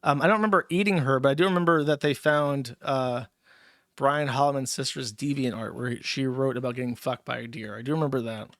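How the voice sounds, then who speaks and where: A man hosting a livestream, reading paid chat messages and ranting in a crude, mocking way, sometimes jumping into squeaky put-on voices. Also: steady tone, fairly quick, a bit bright, dry recording, studio quality. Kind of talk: casual crude livestream rant.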